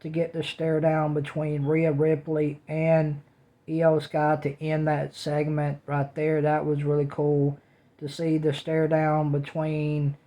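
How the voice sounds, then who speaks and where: A man's voice: fairly high pitch, completely flat delivery, slow pace, dark tone, rough recording. A man giving a casual spoken recap as a reviewer, repeating his praise over and over. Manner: repetitive, restating praise over and over. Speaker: wrestling show reviewer.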